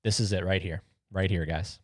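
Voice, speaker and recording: A man's voice: low voice, steady tone, moderate pace, no echo, clean studio sound. A man hosting a podcast, giving casual film commentary and rambling, repeating himself for emphasis. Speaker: podcast host.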